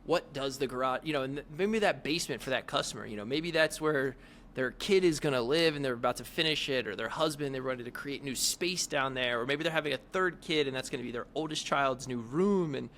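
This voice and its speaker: A man's voice: medium pitch, fairly quick, a bit bright, a little hiss or hum. A middle-aged man hosting a podcast interview, talking casually and rambling with lots of fillers and restarts. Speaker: podcast host.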